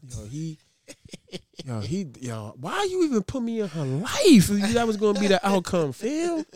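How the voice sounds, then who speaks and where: A man co-hosting a podcast, telling stories in a profane, animated, casual way. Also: high-pitched, moderate pace, no echo. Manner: profane, animated storytelling with quoted voices. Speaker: podcast co-host. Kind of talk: casual chat.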